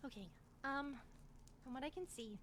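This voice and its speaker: High-voiced anxious woman healer roleplaying. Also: expressive, normal speed, a bit bright, a little hiss or hum. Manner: anxious, apologetic, stammering. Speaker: roleplay streamer playing a healer. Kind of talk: improvised in-character roleplay.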